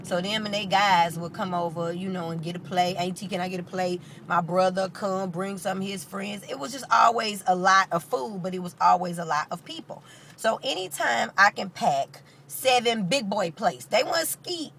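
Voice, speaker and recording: A woman's voice: medium pitch, moderate pace, gravelly. Chatty St. woman, noisy car recording. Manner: animated, profane, chatty. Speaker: mother telling a story. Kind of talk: casual storytelling vlog.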